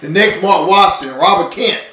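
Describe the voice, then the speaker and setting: A man's voice: high voice, normal speed, sharp tone. A man bantering about college football, insistent and heated, repeating his questions. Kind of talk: casual sports banter. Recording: echoey room with faint noise.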